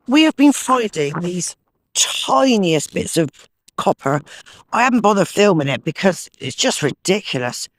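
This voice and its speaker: Out in a sloping farm field, a man with a fairly high voice metal detects for his channel, chatting to himself and viewers in an upbeat, casual vlog. A little hiss or hum can be heard in the recording.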